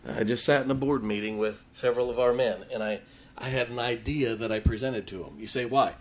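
A man's voice: mid-range voice, fairly quick. A man preaching a sermon, telling stories and acting out the voices of the people in them. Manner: animated storytelling, acts out quoted voices. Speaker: pastor.

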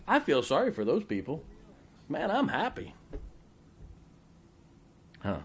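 A man preaching a folksy Baptist sermon, breaking into slow sung hymns and telling humorous stories. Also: on the high side, wildly swooping pitch, a little hiss or hum. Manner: breaks into hymns and scripture, sung slowly and loudly; storytelling with humor.

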